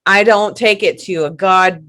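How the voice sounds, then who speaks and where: A woman hosting a casual podcast conversation, chatty and quick to laugh, often restarting and repeating her words. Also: low voice, fairly bright tone. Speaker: podcast host.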